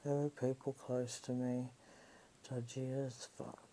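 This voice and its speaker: An Australian woman recounts her story in a slow, unhurried way. Her speech is profane and rambling, full of raw feeling. A faint hiss sits under the recording. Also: a bass voice, little pitch movement, dark tone, low-quality recording. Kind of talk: casual storytelling monologue.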